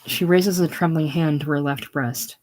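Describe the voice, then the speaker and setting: A reader reading the stage directions in a casual play reading, plain and unhurried. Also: mid-range voice, darkish tone, low-quality recording.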